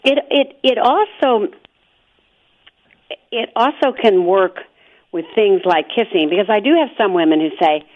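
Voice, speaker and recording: A woman's voice: medium pitch, animated, unhurried, pauses often. A woman hosting a radio talk show who works as a therapist, affirming her guest with frequent agreeing murmurs. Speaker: radio host and sex therapist. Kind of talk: radio interview. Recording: slightly dull lo-fi radio audio.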